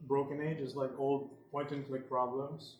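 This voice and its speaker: A man's voice: medium pitch, little pitch movement, normal speed, darkish tone, far from the mic, highs cut off. A wry man jokes his way through casual podcast talk about games. His voice sits in a middle range. The room is echoey, with faint noise underneath. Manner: wry, joking. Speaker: podcast co-host. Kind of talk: casual chat.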